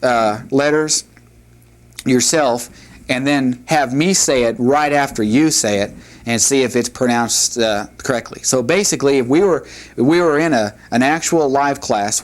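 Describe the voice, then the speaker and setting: A man teaching a recorded language lesson, explaining step by step in a measured way with frequent "uh" pauses. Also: medium pitch. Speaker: Hebrew teacher. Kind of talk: recorded classroom lecture.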